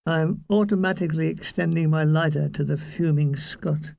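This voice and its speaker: A man's voice: a little high, normal speed, creaky, few pauses, darkish tone, no room sound. A man narrating a comic wartime memoir in a dry, wry storytelling manner. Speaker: audiobook reader.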